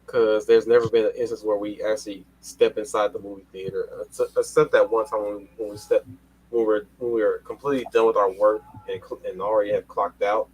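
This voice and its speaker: Husky-voiced man rambling as host. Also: lowish voice, level tone, fairly quick, rough recording. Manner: rambling, many restarts, casual swearing. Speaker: podcast host. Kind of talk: casual panel chat.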